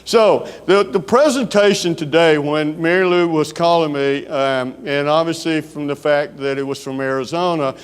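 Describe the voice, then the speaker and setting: A man's voice: a little high, smooth. Folksy Southern man in a big hall. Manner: folksy storytelling with frequent filler pauses. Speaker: keynote speaker. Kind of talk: conference keynote speech. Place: large conference hall. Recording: long hall reverb.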